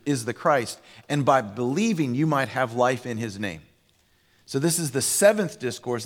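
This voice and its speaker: A man's voice: mid-range voice, long reverb tail. A male pastor preaching a sermon, telling a story in a loose, conversational way with frequent fillers and restarts.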